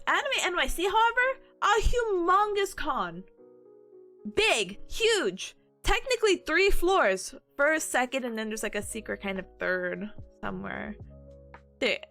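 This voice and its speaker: A giggly woman streamer with a high, bright voice that leaps around as she tells a story. She chats casually, bubbly and quick to laugh, her voice a little worn from long talking, with faint music playing behind her. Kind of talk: casual chat.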